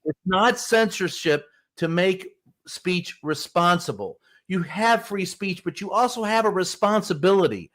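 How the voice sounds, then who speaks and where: A White House correspondent appears as a guest in a podcast interview, telling stories bluntly and emphatically and swearing for emphasis. His voice sits high and a bit bright, and he talks a little slowly.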